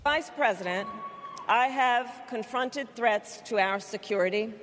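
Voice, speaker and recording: Slow, deliberate woman politician in a hall. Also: a little high, fairly bright tone. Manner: measured, deliberate delivery. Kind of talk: formal political speech. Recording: archival speech in large hall with crowd noise.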